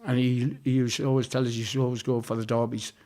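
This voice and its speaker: A middle-aged Geordie man spins loose, rambling stories for an interviewer. He swears constantly, stops and restarts his sentences, and plays out both sides of remembered conversations in an ordinary mid-pitched voice. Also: little pitch movement, fast, a little mellow. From North East England. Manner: rambling, heavy swearing, acts out quoted exchanges. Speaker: interview guest. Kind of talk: anecdotal storytelling interview.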